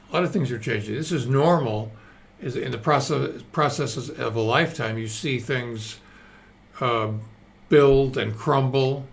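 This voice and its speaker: An older man in his seventies rambles through a live stream, drifting from one thought to the next. He mocks himself easily and drops the odd curse. His voice sits at an ordinary middle pitch for a man. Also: fairly bright tone. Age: 70s. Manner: loose, digressive and self-mocking, swears and laughs at himself. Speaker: host.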